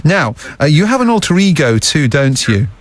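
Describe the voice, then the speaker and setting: A man's voice: fairly high pitch, sing-song, moderate pace, dry recording. Friendly male radio host. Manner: friendly, warmly encouraging, stumbling starts. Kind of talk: radio interview. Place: radio studio.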